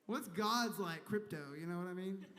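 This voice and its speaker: High-voiced man doing crude stand-up. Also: pushed and bright. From Kentucky, US. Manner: crude, rambling, acts out voices. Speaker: stand-up comedian. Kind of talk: stand-up comedy set. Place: large convention hall stage. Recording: long hall reverb.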